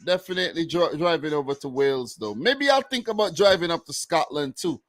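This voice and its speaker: A man's voice: a little high, expressive, fairly quick, dry recording. A young man with a New York accent hosting a casual football chat, laid-back and slangy, often repeating himself. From United States. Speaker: football podcast host.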